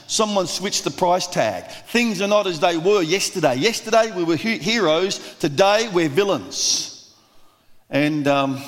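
Brief: male preacher, animated storyteller, high voice, long hall reverb. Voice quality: lively, acts out voices of the crowd. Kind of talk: sermon.

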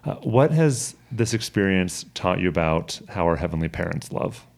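A man co-hosting an interview, gently asking questions and telling stories in a relaxed way. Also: low voice, normal speed, vocal fry. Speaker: podcast co-host. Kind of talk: conversational interview.

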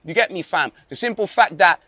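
A man's voice: sits high, lively intonation, a little fast, sharp tone, dry recording. A man co-hosting a podcast, bantering casually about football in a boastful, slang-heavy and mocking way. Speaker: podcast co-host.

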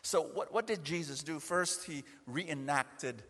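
A man preaching a sermon, animated, acting out scenes and often restarting his sentences. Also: fairly high pitch, measured pace, in a large hall.

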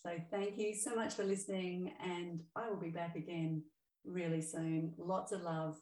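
A woman's voice: lowish voice, little pitch movement, normal speed, a little mellow, reverberant, far from the mic, low-quality recording. A middle-aged woman hosting her own podcast as an emotional balance coach, talking in a chatty, upbeat way with fillers and self-corrections. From Australia. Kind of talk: solo podcast monologue.

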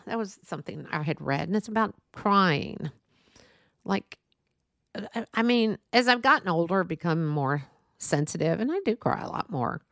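This middle-aged podcast host talks alone and casually, earnest but rambling, drifting into side topics before saying sorry and getting back on track, with frequent fillers and false starts. She has a medium-pitched, fairly bright voice with vocal fry. The studio recording is clean and echo-free.

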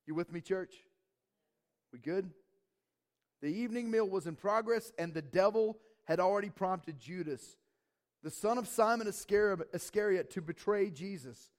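High-voiced man preaching emphatically and calling out to the congregation, echoey church hall. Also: moderate pace. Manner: emphatic, call-and-response with the congregation. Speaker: pastor. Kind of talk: sermon.

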